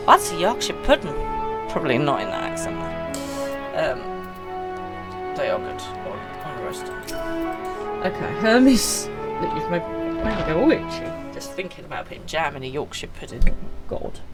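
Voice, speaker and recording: A woman's voice: low-pitched, very animated, measured pace. A woman with a British English accent streaming a game, chatting with her viewers and bantering indignantly, laughing often. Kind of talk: casual chat with live chat. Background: game music.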